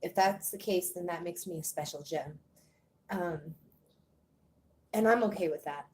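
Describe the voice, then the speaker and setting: A woman born in Germany, speaking hesitantly with many pauses in a personal confessional vlog, a little out of breath. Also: fairly low pitch, darkish tone, slight background noise. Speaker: vlogger.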